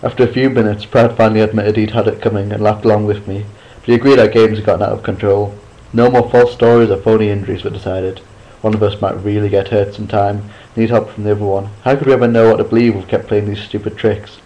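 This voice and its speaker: A man reading a chapter book aloud at a steady pace, sometimes restarting a line after a slip. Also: fairly low pitch, fast talker, lo-fi sound. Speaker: reader. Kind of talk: amateur audiobook reading.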